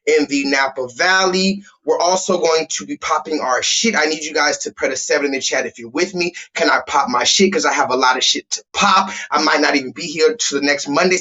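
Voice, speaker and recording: Man, high voice, livestream host, loud profane ranter, dull lo-fi home audio. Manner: loud, blunt and profane, talking straight to chat.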